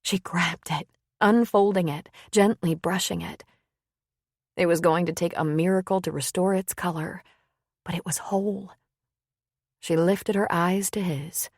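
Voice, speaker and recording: A woman narrating an audiobook with a steady, even reading. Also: fairly low pitch, a little slow, long pauses, dry recording, studio quality. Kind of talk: scripted narration.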